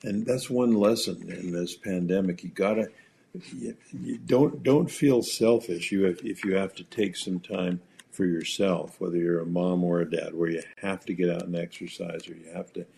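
Deep gravelly male talk host. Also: moderate pace, a little hiss or hum. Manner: gives calm practical advice. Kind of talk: casual chat.

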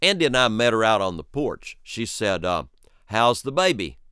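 A male storyteller telling a funny childhood story with dramatic pauses and sudden jumps in pitch. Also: sing-song, pushed and bright, clean tone, dry recording, clean studio sound. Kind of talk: told personal story.

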